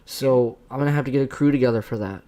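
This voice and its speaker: A man's voice: mid-range voice, quick pace, dark tone. Chatty young man hosting a live stream. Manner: chatty, rambling, thanks viewers often. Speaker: streamer hosting a subscriber livestream. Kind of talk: casual live stream chat.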